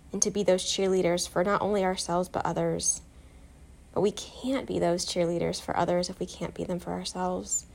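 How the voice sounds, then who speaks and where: A woman guiding a self-compassion meditation, soft, calm and encouraging, telling a short personal story. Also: fairly low pitch, creaky. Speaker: meditation guide.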